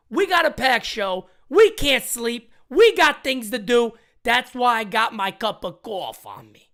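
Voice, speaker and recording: A man hosting a fan sports livestream, hyped and chatty, rattling off shout-outs with frequent restarts. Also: very high-pitched, expressive, unhurried, few pauses. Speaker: livestream host. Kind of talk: energetic fan livestream talk.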